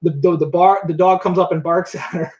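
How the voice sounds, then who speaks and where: A young man with a notably high voice, chatty and friendly, walking viewers through his animals and cooing at them as he goes. He is recorded in an echoey room at home, and the sound is a little dull. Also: fairly even intonation, fairly quick, darkish tone. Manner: chatty, coos at his pets. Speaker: animal educator. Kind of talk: live-streamed animal show.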